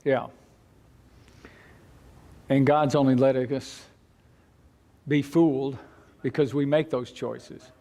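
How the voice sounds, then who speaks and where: A man teaching a church Bible class in a conversational way, with halting restarts and light chuckles. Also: mid-range voice, steady tone, creaky, mellow.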